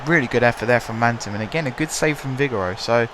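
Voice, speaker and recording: A young gaming host, voice worn hoarse by shouting, races through casual, wry play-by-play of a football management game. He is a fast talker with an ordinary mid-range pitch, recorded on a desk mic over a faint hum of noise.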